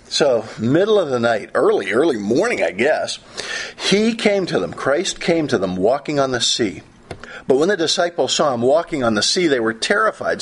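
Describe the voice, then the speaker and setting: A middle-aged male preacher with a husky, slightly breathy voice gives a sermon. His pitch swings widely as he talks. He often doubles back and repeats words while he builds his points. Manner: animated, repeats and restarts phrases.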